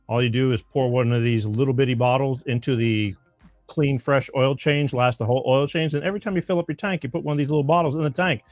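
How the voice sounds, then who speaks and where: A man hosting his own talk show, making an excitable pitchman-style sponsor read and bantering with a guest, with frequent restarts. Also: no echo, clean studio sound.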